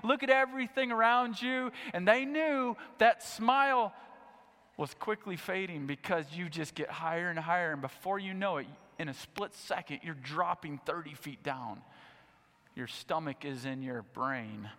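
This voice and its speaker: Middle-aged male pastor, high bright voice, animated delivery with big acted-out reactions, long reverb of a sanctuary. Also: a little slow, long pauses. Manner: animated, acts out his own reactions in a raised voice. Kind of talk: sermon.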